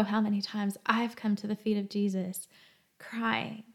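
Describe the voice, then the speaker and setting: A woman hosting a faith talk, speaking earnestly and emotionally in a gentle storytelling tone. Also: medium pitch, steady tone, measured pace, creaky. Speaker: podcast host.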